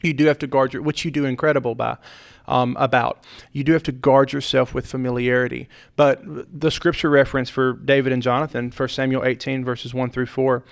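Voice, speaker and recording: A man's voice: medium pitch, level tone, brisk, creaky. A middle-aged man, a pastor and podcast host, talking earnestly in a heartfelt conversation and repeating points with preacherly emphasis.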